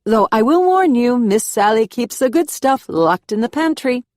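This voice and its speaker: A friendly, nosy young woman in a thriller audiobook, as the narrator puts her on, her lilting South American cadence stretched by a Southern drawl. She sounds raised and bright, eager to help, in a close, dry recording. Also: a little high, big pitch swings, a little fast, dry recording, voice pushed up. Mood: friendly, curious. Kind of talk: audiobook character voice.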